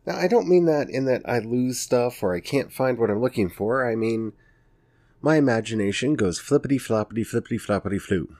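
At a moderate pace and medium pitch, a slightly mellow-voiced man in his forties hosts a casual solo podcast with an Ozark Southern accent, being from the Ozarks himself. There's no room sound; he's chatty, self-mocking, laughing often and restarting frequently.

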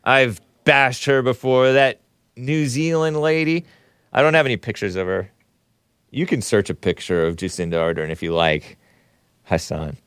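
A man's voice: mid-range voice, moderate pace, fairly bright tone, smooth, no room sound, studio quality. Sarcastic male call-in show host. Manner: sarcastic, scoffing asides. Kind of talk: casual call-in commentary.

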